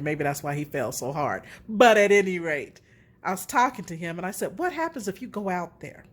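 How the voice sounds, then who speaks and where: A middle-aged woman hosting a casual relationship talk, candid and animated as she tells her own story. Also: mid-range voice, slightly rough.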